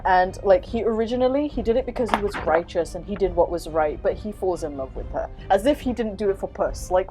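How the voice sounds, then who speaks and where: Young woman host, sarcastic rant, mid-pitched voice, loose and profane. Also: mellow, low-quality recording. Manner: exasperated, sarcastic, swears freely. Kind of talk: casual ranting chat.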